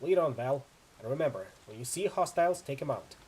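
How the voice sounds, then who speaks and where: A man's voice: medium pitch, animated, a little fast, darkish tone, breathy edge, poor audio. A man voicing a tough female mercenary leader in a video game, giving clipped, urgent orders. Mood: urgent, commanding.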